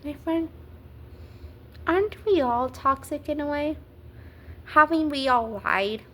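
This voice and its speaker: A woman's voice: sits high, takes it slowly, sharp tone. A woman giving a casual Bible talk in a chatty, rambling, earnest way. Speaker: Bible teacher.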